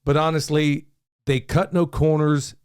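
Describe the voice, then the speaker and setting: A middle-aged man hosts a relaxed podcast chat. His voice sits a bit high for a man, and he keeps a folksy, upbeat tone, dropping "y'all" often. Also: measured pace, smooth. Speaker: podcast host.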